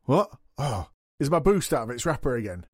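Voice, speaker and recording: An actor playing a dim, boastful male wrestling champion, delivered deadpan. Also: mid-range voice, brisk, no echo, studio quality. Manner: deadpan, proud and clueless. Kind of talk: scripted comedy podcast.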